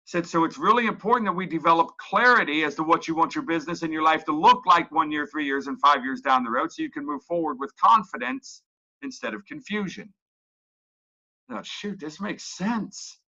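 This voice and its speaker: Guy giving a webinar, super bright tense voice, kinda muffled lo-fi sound. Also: on the high side, lively intonation, brisk, gravelly. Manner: folksy, emphatic, repeats points. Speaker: real estate coach. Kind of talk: webinar presentation.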